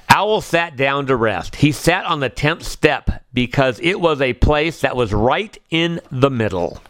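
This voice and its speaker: A man reading a children's story aloud in a gentle, expressive way. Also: medium pitch, a little slow, few pauses, dry recording.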